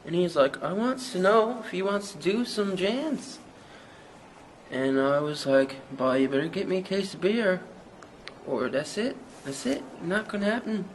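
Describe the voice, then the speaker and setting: An actor with a Newfoundland accent playing a young small-town rapper who rambles through a hazy, profane story in an interview. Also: male voice, sits high, expressive, a little slow, a little hiss or hum, low-quality recording. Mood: rambling. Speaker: mockumentary interviewee.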